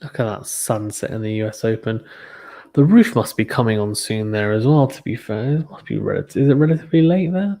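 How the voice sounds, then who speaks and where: A man's voice: lowish voice, brisk, mellow. A young British man hosting a casual live tennis watchalong, chatting and reading viewer comments aloud. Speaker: live stream host.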